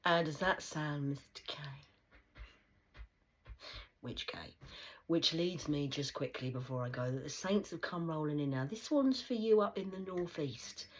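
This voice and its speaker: A woman delivering a rambling, profane monologue as a medium channelling spirit messages, swinging between loud outbursts and hushed whispers. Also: low voice, animated, measured pace. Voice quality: very husky, breathy voice.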